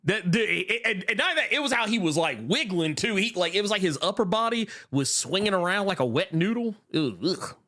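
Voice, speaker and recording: A man's voice: high voice, animated, fairly quick, hardly any pauses, sharp tone. A middle-aged man co-hosting a podcast in casual chat, laughing often and trailing off with fillers. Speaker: podcast co-host.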